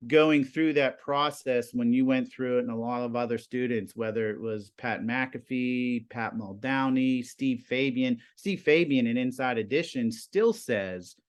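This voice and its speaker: A man in his forties, a high school TV production teacher, chatting in an interview and telling animated stories with lots of "you know" and "like". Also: unhurried, hardly any pauses, clean tone. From Pennsylvania, US. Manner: animated storyteller, many fillers. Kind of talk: casual interview chat.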